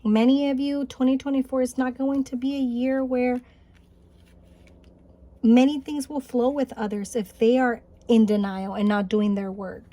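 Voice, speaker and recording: A woman giving a spiritual pick-a-card reading, gentle and encouraging, thinking aloud with small restarts. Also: high voice, steady tone, normal speed. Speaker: tarot card reader. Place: home, Highland Park, California.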